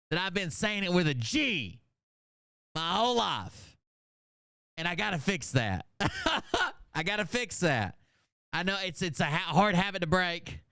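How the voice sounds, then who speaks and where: A man in his thirties with a Southern US accent hosts a livestream, his voice a little high, very animated, a bit slow, fairly bright and smooth. He rambles casually, cracking jokes and swearing heavily. The recording is dry and studio quality.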